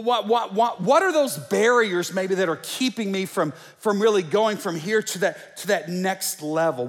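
A man pastor preaching a sermon in a conversational way, stumbling over repeated words and joking with the congregation, in a church sanctuary. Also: high voice. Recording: long church-hall reverb.

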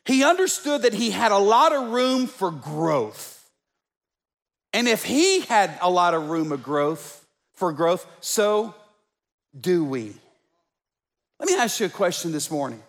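A pastor with a high-pitched voice preaching to his congregation. He talks loosely, restarts his phrases again and again, and throws in joking asides. His voice trails off into a long church-hall reverb. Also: very animated, takes it slowly, creaky, long pauses, a bit bright. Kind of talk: sermon.

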